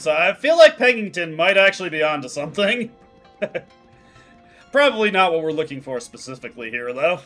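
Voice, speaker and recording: A man streaming a video game, chatty and quick to laugh as he comments on the game. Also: a little high, animated, sharp tone, soft background music. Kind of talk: game commentary while reading dialogue aloud.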